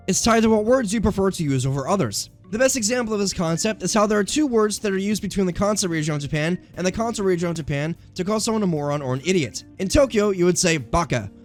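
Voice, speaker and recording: A man hosting a video essay, narrating a script in a brisk, emphatic way. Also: high-pitched, darkish tone.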